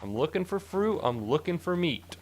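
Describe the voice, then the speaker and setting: A man's voice: a little high, very animated, normal speed, faint music behind. A man giving casual, foul-mouthed commentary as he plays a game, talking to the creatures on screen and to his chat. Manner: chatty, swears freely, talks to game creatures; talks to chat between bouts of play. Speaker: gaming streamer.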